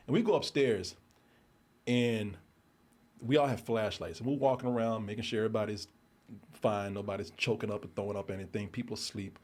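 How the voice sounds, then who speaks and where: A man telling a story in casual chat, animated, laughing often and restarting his sentences. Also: fairly low pitch, brisk. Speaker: show regular telling a story.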